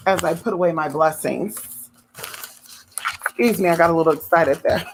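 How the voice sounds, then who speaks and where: A woman's voice: on the low side, moderate pace, pauses often, background noise. A woman ranting casually on a livestream, sassy and taunting, often drawing words out in a sing-song tease. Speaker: spiritual reader vlogger.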